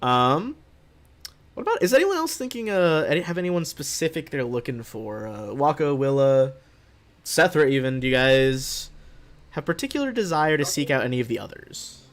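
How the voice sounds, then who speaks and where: A man's voice: fairly high pitch, very animated, moderate pace. A man narrating as game master in loose, filler-heavy chat. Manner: loose, full of "like" and "uh".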